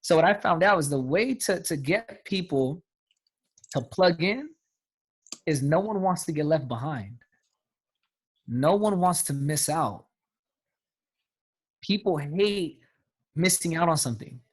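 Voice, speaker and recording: Higher-voiced guy pumping up his sales team, slangy and emphatic. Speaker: sales team leader and coach. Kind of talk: motivational talk on a team call.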